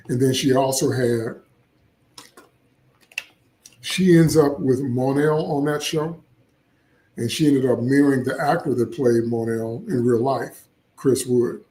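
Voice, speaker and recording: A man's voice: medium pitch, dark tone, echoey room, a little hiss or hum, rough recording. A man hosting casual solo commentary, opinionated and chatty with frequent asides. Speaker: comics channel host.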